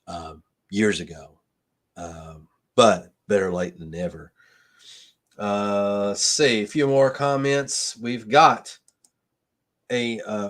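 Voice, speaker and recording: A man hosting a live stream, chatting casually with many restarts and fillers, ending on earnest, motivational sign-offs. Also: fairly low pitch. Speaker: livestream host. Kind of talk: casual livestream chat.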